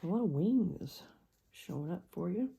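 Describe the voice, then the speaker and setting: A woman giving a pick-a-card tarot reading, musing slowly and trailing off into soft murmurs as she works through the cards. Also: on the low side, expressive, gravelly.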